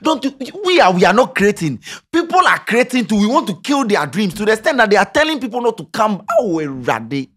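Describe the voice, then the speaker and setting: A man with a Ghanaian accent delivers an impassioned commentary rant. His voice sits a little high and leaps around with lively swings. He jabs with sarcasm and rhetorical questions. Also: fairly quick. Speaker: commentary vlogger. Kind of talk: opinionated social commentary.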